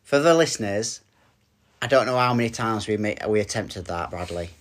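A man's voice: fairly low pitch, lively intonation, moderate pace. A middle-aged man from the UK hosting a casual podcast with his son, easygoing and full of jokey banter. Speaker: podcast host. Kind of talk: casual chat.

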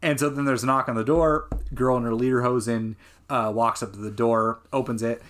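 A man co-hosting a podcast, chatting loosely about a film. He rambles, restarts his sentences and fills the gaps with "um" and "like." His pitch sits in the middle of the range for men. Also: steady tone, brisk, a bit bright. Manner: rambling, many fillers and restarts. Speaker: podcast co-host. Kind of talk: casual film discussion.

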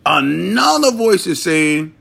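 A man's voice: sits high, sing-song, takes it slowly, gravelly, a bit bright, breathy edge. A man hosting a motivational talk, dramatic and repetitive, often laughing between his lines. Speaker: motivational podcast host. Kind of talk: inspirational monologue.

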